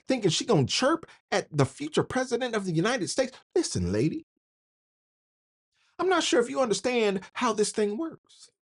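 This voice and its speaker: Animated woman with slangy political commentary. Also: medium pitch. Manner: animated, slangy, laughs between phrases. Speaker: commentary channel host.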